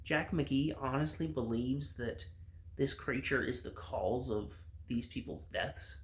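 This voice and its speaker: A man's voice: mid-range voice, takes it slowly. A man giving a casual spoken review of a TV episode, retelling the plot with frequent fillers and restarts.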